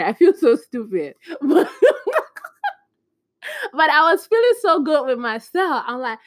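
A young Nigerian woman hosts a podcast, telling stories casually in a chatty, animated way and acting out the voices she quotes. Her voice is fairly high at normal speed, recorded dry and close with no room sound.

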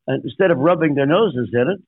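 Over a dry, tinny phone-like connection, an older man who is a guest pastor delivers a sermon-style story. His voice is a little high, husky and expressive, his pace brisk, and he hammers home numbered points while performing the quotes.

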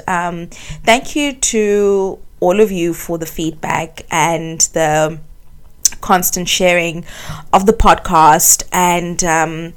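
A woman's voice: lowish voice, smooth. A young woman from South Africa, hosting her own podcast from her bed in a candid, confessional chat. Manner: candid and confessional, many fillers like um and like. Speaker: podcast host. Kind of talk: casual solo podcast chat. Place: her bedroom, recording from bed.

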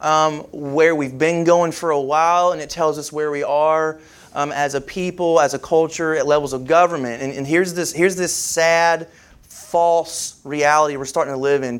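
A man delivering a sermon as pastor, his voice a little rough from a head cold, talking in a conversational way with pauses and fillers. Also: fairly high pitch, fairly even intonation.

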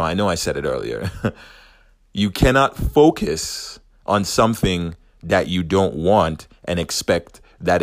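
A man's voice: sits low, no room sound, clean studio sound. A man giving an earnest, reflective spiritual self-help talk, wandering a little and correcting himself as he goes. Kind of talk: motivational monologue.

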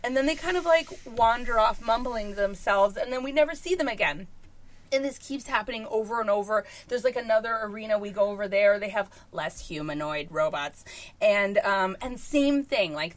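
A woman tells a comic story in loose podcast chat, exasperated and swearing freely as she laughs through it. Her voice sits a little high. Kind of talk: casual comedic storytelling.

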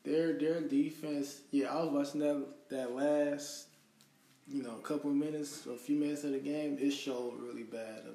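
A man's voice: on the high side, fairly even intonation, normal speed, mellow. A laid-back man chatting about sports, calling people bro and man. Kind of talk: casual sports talk. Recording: distant mic in an echoey room with faint noise.

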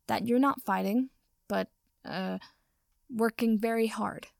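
A woman voicing a good-natured, teasing young male wizard, with a slightly gravelly voice. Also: a little high, takes it slowly, dry recording, studio quality, full character voice. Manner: teasing, amused.

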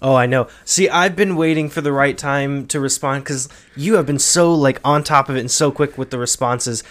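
A man's voice: medium pitch, moderate pace, a bit bright. A man co-hosting a podcast, chatting casually and laughing along. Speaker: podcast co-host.

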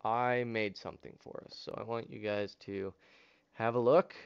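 A man's voice: fairly low pitch, steady tone, moderate pace, vocal fry, smooth, lo-fi sound. A man hosting a podcast, telling a long story in casual chat, with lots of fillers and swearing. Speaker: podcast host. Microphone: headset over online voice chat.

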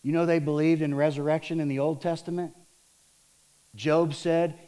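Lively preaching pastor, a man. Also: a little high, normal speed, smooth. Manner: lively storytelling, acts out voices of disciples and Martha. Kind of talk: sermon.

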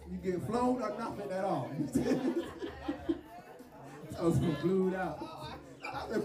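Man, stand-up host, a touch high, roomy hall with music behind, heard from a distance. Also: crowd noise. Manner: loose, joking, quick bursts with laughs. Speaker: comedy show host. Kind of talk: stand-up comedy. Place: live venue stage.

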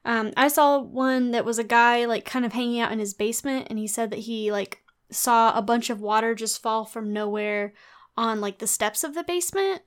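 Young woman co-host, slightly high, casual and chatty, filler-heavy. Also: normal speed, clean tone. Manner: chatty, lots of "like" fillers, laid-back. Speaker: podcast co-host. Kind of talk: casual chat, reading forum posts aloud.

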